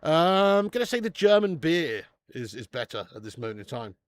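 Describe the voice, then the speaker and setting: A man's voice: on the high side, big pitch swings, moderate pace, no room sound. A man hosting a live football watch-along, swearing freely and laughing as he reads out viewer messages.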